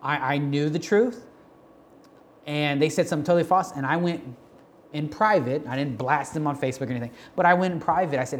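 A man's voice: a little high, brisk, a little hiss or hum. A man giving an informal sermon on prophecy, speaking conversationally with many restarts, fillers and slangy asides. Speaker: church teacher on prophecy.

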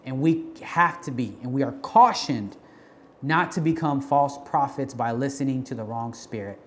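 A man's voice: mid-range voice, normal speed, a little hiss or hum. A man giving an informal sermon on prophecy, speaking conversationally with many restarts, fillers and slangy asides. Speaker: church teacher on prophecy.

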